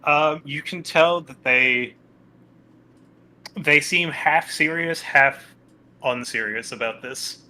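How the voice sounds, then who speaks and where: A man's voice: a little high, slow pace, long pauses, bright, forceful tone. A man running a tabletop game as game master, giving brief, matter-of-fact rulings.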